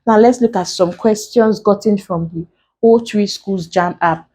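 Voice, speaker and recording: A woman's voice: mid-range voice, unhurried, mellow, breathy edge. A woman teaching an exam lesson, explaining rules patiently step by step. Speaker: English exam tutor. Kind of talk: recorded classroom lesson.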